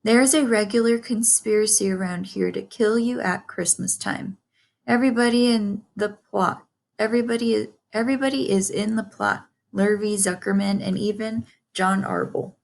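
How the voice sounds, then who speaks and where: A woman's voice: medium pitch, fairly even intonation, moderate pace, gravelly, natural voice. A woman voicing a blunt, gossipy old female sheep while reading a storybook aloud. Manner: blunt, matter-of-fact.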